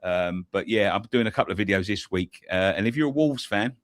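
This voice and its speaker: A man's voice: lowish voice, fairly quick, dry recording, clean studio sound. A man co-hosting a football fan show, chatty and casual, swearing now and then. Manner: chatty, swears, self-promoting. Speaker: co-host and channel owner. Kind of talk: casual chat.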